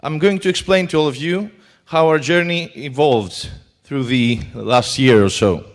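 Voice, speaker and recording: Greek-accented male conference speaker, halting delivery. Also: fairly high pitch. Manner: hesitant, many fillers. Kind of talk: conference talk. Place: conference hall.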